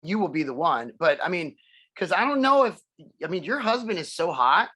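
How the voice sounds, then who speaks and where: A man's voice: fairly high pitch, very animated, normal speed, bright, forceful tone, slightly rough. A man chatting casually on a video call, telling rambling stories, laughing often and acting out the voices. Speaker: musician guest.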